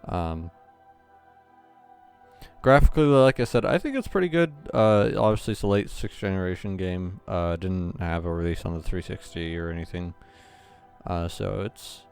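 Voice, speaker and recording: A man's voice: low-pitched, a little mellow, smooth. A man hosting a gaming channel, giving casual, rambling play-through commentary with lots of hesitant fillers.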